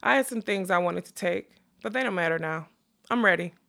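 A woman's voice: on the low side, brisk, creaky, a bit bright. A woman narrator voicing a weathered, fierce middle-aged woman who scolds sharply and speaks bitterly, in an audiobook. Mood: brisk. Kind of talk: audiobook character reading.

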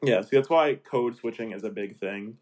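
Sounding sniffly and slightly congested, a man chats casually and with animation on his own podcast, breaking into frequent laughter and silly voices. His voice sits on the low side, a little mellow, at a moderate pace.

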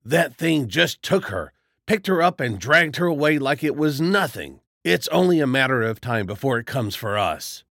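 A man voicing an angry, foul-mouthed older man who yells and swears in a storybook reading. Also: mid-range voice, very animated, moderate pace, creaky, no echo, studio quality. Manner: yelling, swearing, demanding.

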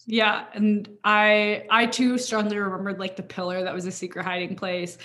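A woman's voice: mid-range voice, flat delivery, moderate pace, a bit bright. A young woman in casual chat as a podcast co-host, talking with many fillers and frequent laughs.

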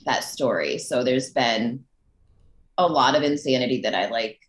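A woman's voice: very deep voice, moderate pace, roomy sound, a little hiss or hum. A woman in her thirties, a podcast guest talking candidly with self-deprecating humor and casual swearing. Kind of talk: casual chat.

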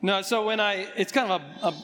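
A male pastor with a voice hoarse from a recent illness, chatting through church announcements in a relaxed way with frequent ums. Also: high-pitched, brisk, long reverb tail, noisy background. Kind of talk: pulpit announcements before a sermon. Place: church sanctuary.

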